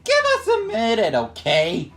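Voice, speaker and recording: A man's voice: on the high side, big pitch swings, unhurried, faint music behind. A man voicing an impatient teenage boy hero who answers curtly and dryly.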